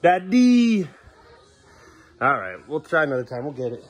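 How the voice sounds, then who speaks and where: A man's voice: mid-range voice, animated, very fast, a crowd in the background. Coaxing dad hurrying his kids along. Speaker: father filming his kids. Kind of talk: casual family vlog. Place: at home.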